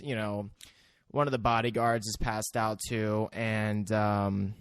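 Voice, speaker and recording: Brief: relaxed male podcast co-host, rambling, low and gravelly, dry close mic. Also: takes it slowly, no echo. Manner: laid-back, rambling with fillers. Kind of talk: casual chat.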